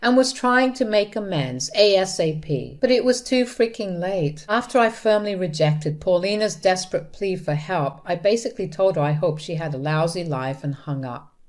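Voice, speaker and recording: Woman narrator, first-person story, bitter, blunt, lowish voice. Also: lively intonation, normal speed, darkish tone.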